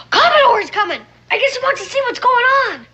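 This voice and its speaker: A performer voicing an eager, earnest young boy who talks quickly and excitedly, in a 1960s television drama. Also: very high voice, exaggerated voice. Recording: dull old TV soundtrack with faint noise.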